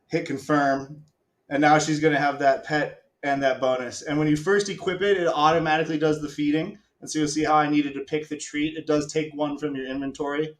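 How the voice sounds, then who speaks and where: A man's voice: fairly high pitch, reverberant. A man hosting a live stream, casually walking viewers through a game demo with self-mocking asides and the odd swear. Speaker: stream host.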